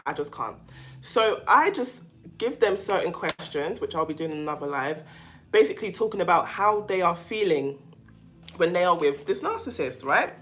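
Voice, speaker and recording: A woman with a fairly low, expressive voice and a fairly bright tone hosts a casual livestream on narcissistic abuse at a moderate pace. She talks to viewers with lots of fillers and restarts, reading out their comments as they come in.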